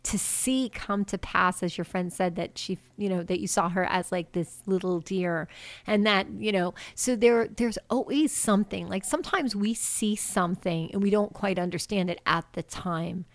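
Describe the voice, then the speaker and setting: A woman's voice: medium pitch, steady tone, moderate pace, no room sound. A woman telling a faith story on a video call, acting out what people said and laughing often. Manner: acts out quoted voices, laughs often. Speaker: guest. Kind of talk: animated faith testimony.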